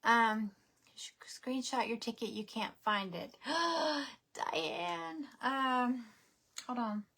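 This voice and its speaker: A woman's voice: a little high, fairly even intonation, slow, bright, forceful tone. A woman hosting a craft livestream, chatting casually and muttering to herself now and then.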